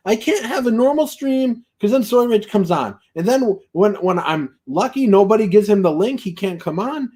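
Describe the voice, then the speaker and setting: A man's voice: high-pitched, expressive, moderate pace, few pauses, a little mellow. A man hosting a live stream, reading viewer messages aloud and reacting with mock outrage and laughter. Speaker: streamer reacting to a recorded show. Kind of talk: casual live-stream commentary, reading super chats.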